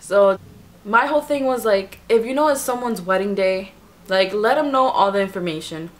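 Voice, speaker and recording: Young woman, casual storytime vlogger, chatty and animated, filler-heavy delivery. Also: medium pitch, moderate pace. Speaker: beauty vlogger.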